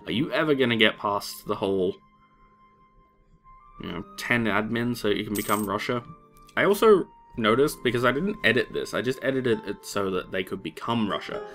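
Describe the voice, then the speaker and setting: Low, animated male let's-play host, sarcastic and rambling, light music underneath. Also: normal speed. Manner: wry, rambling, sarcastic asides. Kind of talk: casual gameplay commentary.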